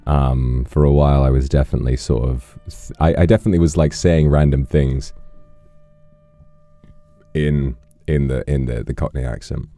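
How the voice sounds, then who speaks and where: Very deep-voiced man chatting on stream. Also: steady tone, moderate pace, warm tone, dry recording, soft background music. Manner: rambling anecdotes, thanks donors between stories. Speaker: livestream host. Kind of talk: casual live-stream chat.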